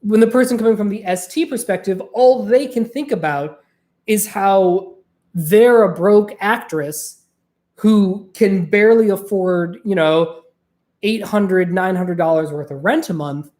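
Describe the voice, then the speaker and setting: A woman's voice: mid-range voice, a little slow, a little mellow. Chatty, profane woman podcaster. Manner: chatty and profane, with frequent fillers. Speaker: podcast host. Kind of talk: casual podcast monologue.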